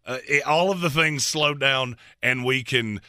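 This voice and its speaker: A man co-hosting a sports radio show in casual banter, ranting with animated, exaggerated complaints. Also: medium pitch, unhurried, no room sound, clean studio sound.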